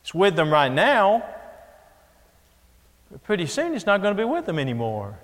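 A man's voice: high voice, huge pitch swings, normal speed, fairly bright tone. A man preaching a sermon in an earnest way, repeating key phrases as he builds emphasis. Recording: long echo of a large hall.

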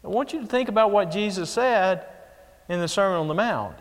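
Guy preaching a sermon, earnest and repetitive, kinda high voice, big echoey hall. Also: animated, brisk. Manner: earnest, builds up in emphasis and repeats phrases. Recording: long echo of a large hall.

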